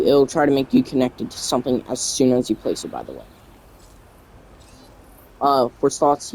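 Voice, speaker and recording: A man talking through a casual game tutorial at an unhurried, slow pace. He reads the on-screen text aloud haltingly, stumbling over words, and his voice sounds worn as if he is losing it. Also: medium pitch, a little mellow, a little hiss or hum, rough recording. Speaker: gaming channel creator.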